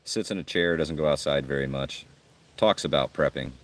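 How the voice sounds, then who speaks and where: A man hosting a casual outdoor livestream at a campsite, reading out viewer comments with a gruff, blunt, joking manner. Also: a bass voice, normal speed, background noise. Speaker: livestream host.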